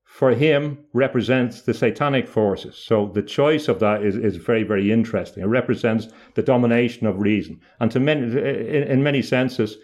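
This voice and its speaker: Thoughtful halting man, mid-pitched. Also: a little mellow. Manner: thoughtful, halting, often restarts mid-phrase. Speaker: interview guest. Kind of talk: reflective conversational explanation.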